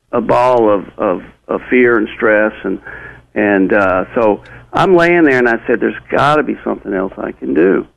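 A man, an interview guest, recounting a personal story in a halting way with many fillers and restarts. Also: lowish voice, creaky, highs cut off.

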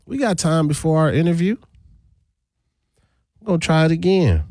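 A man's voice: a little high, lively intonation, normal speed, darkish tone, no room sound, clean studio sound. A man who hosts a show, chatting casually in playful banter. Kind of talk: casual chat.

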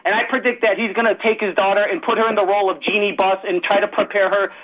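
A man from Chicago with a Chicago accent calling in to a sports talk show, rambling fast and joking. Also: high-pitched, steady tone. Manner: rapid-fire, rambling, jokey. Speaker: caller. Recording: dull lo-fi phone line.

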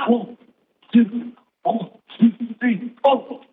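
A man doing an impression of a famous rock singer, shouting and singing with a rasp. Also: very high voice, extremely slow, pitched above the performer's own voice, heavily acted. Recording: tinny far-off stage recording with music.

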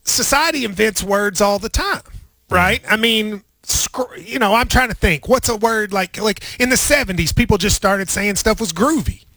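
A man's voice: high-pitched, normal speed, dry recording. A man, co-hosting a casual chat and quizzing his partner on mountain sayings. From Appalachia. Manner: animated, quizzing his co-host on regional sayings.

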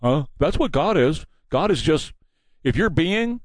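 A man's voice: on the high side, big pitch swings, a little slow, no echo. A man hosting a political commentary show, delivering a combative, preachy and mocking monologue. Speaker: talk show host.

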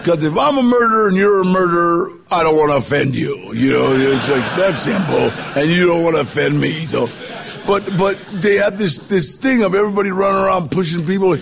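A man's voice: sits high, brisk, vocal fry, crowd noise. An older man telling his life story in a casual, conversational way, acting out the voices of people he quotes. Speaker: guest storyteller. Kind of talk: personal storytelling.

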